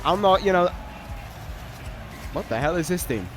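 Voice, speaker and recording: Excitable high-voiced commentator. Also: male voice, a little slow, music in the background. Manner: excitable, swings from dry sarcasm to stunned shouting; swears casually. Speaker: video game commentator. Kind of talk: play-by-play commentary over a wrestling video game.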